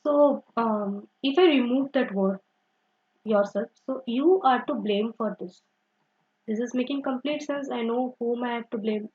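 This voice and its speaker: A woman's voice: on the high side, measured pace, slightly rough, dull audio. A woman teaching an online grammar lesson, explaining step by step and often saying "simple" and "okay".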